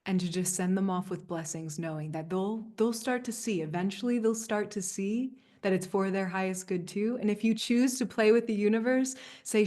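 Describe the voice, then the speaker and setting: Earnest soft-spoken woman coach. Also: medium pitch, normal speed. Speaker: spiritual coach leading a group session. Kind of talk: live community coaching session.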